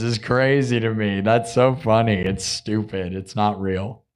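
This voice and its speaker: A man's voice: medium pitch, normal speed, hardly any pauses, a bit bright, clean tone. A man hosting a live music stream, chatting casually with viewers, laughing often and acting out quotes.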